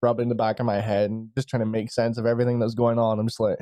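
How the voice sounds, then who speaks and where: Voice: mid-range voice, level tone, fast, warm tone, no echo. A tabletop game player chatting casually, swearing freely and sounding exasperated.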